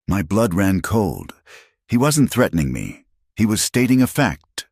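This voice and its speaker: A man reads a first-person story aloud in a steady, dramatic storytelling manner. His voice is extremely deep, yet his pitch moves in a lively way. The sound is dry and close to the mic. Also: normal speed, vocal fry, breathy edge, no echo. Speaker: audiobook narrator. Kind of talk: scripted first-person narration.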